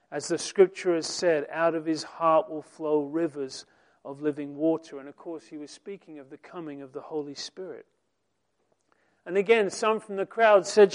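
Man, preacher, sermon, high voice, dramatic swells in volume. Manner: dramatic, swells loud for quoted lines.

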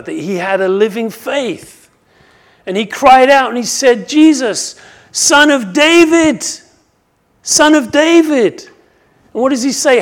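A man preaching a sermon, who acts out the quoted cries and moves from hushed asides to loud, impassioned calls. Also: on the high side, vocal fry. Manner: swings from hushed to shouting when quoting cries; dramatizes quoted voices.

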